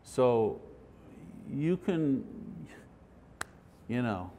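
A man's voice: medium pitch, big pitch swings, drawn-out words, dark tone, slight background noise. A middle-aged man leading a Bible study lesson, talking earnestly in a conversational way and reading scripture aloud. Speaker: Bible teacher. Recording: long reverb of a hall.

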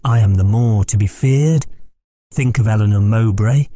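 A man's voice: on the low side, moderate pace, dark tone, natural voice. A man reading an audiobook, voicing a stern, proud noblewoman who commands her son. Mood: imperious. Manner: stern, imperious. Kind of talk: audiobook character voice.

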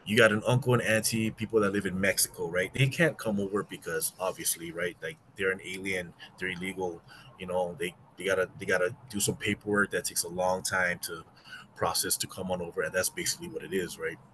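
A man's voice: deep voice, flat delivery, brisk, fairly bright tone, slight background noise. A man with an American Samoan accent, a podcast guest chatting casually in a laid-back, slangy way. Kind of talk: casual chat.

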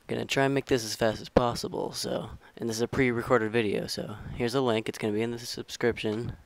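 A man's voice: mid-range voice, a little fast, vocal fry. A young man giving a casual, rambling game modding tutorial, often correcting himself as he walks through the steps. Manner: rambling, self-correcting, relaxed instructions. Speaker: tutorial maker.

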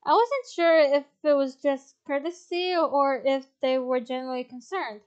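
A woman's voice: high-pitched, moderate pace, lo-fi sound. A woman playing a visual novel, reading its text aloud and commenting, often breaking into giggles. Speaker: game streamer.

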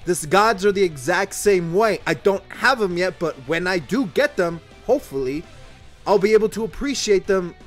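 A young man hosting a mobile game channel, giving casual, excitable commentary while pulling summons, swearing often and swinging from gloomy muttering to shouting. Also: sits high, moderate pace, soft background music.

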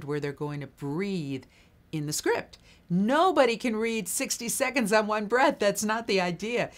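A woman voiceover coach giving brisk, practical tips in an instructional video blog. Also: mid-range voice, expressive.

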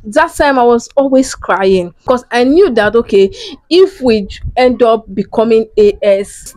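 A woman's voice: mid-range voice, a little mellow, dry recording. Young Nigerian woman telling an emotional story. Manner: emotional, candid retelling with quoted dialogue and rueful laughs. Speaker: vlogger. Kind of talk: story time vlog.

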